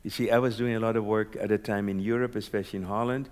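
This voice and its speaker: A doctor from Curaçao telling a personal story in conversation, animated and laughing often, checking that his listener follows along. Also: lowish voice, quick pace, big-room sound.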